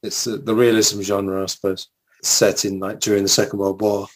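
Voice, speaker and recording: This English podcast co-host rambles through long, nostalgic stories packed with fillers in casual chat. His voice sits fairly low and comes across flat at a moderate pace. The audio quality is poor.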